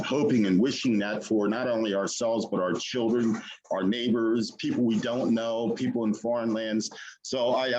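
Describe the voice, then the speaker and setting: A man poet on a video call who gives a hesitant spoken preface and then recites a poem in an earnest, measured way. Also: lowish voice, darkish tone, highs cut off, a little hiss or hum. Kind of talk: poetry reading.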